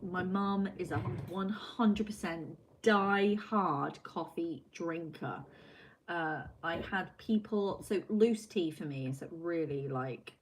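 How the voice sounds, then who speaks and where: Slow-talking Yorkshire woman, self-mocking. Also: on the low side. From England. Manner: chatty, self-mocking, frequent swearing. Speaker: livestream host. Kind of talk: casual chat with live chat. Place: home room. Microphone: computer mic.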